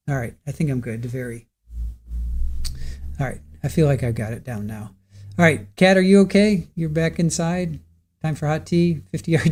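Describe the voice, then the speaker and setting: A man's voice: mid-range voice, a little mellow. A man hosting a live trial stream, chatting casually and rambling as he practices a name aloud.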